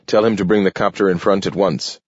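A man's voice: low-pitched, fairly even intonation, a little fast, no echo. Man doing fretful middle-aged Webster. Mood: anxious. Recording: dull, dry lo-fi recording.

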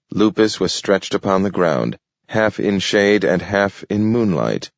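A man narrating a story with measured, steady delivery. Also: sits low, no room sound. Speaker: audiobook narrator. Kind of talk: scripted narration. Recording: dull lo-fi dry recording.

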